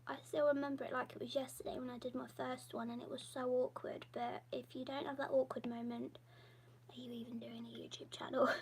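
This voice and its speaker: A woman chatting casually on a live stream, soft and half-whispered, rambling while she draws. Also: high voice, creaky, a little hiss or hum, low-quality recording. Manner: drawing while she talks. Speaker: YouTuber and artist.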